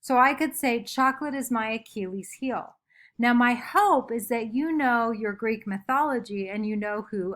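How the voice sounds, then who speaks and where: A woman's voice: fairly high pitch, a bit bright. A woman teacher giving a recorded lesson from home, chatty and upbeat, making playful sound effects.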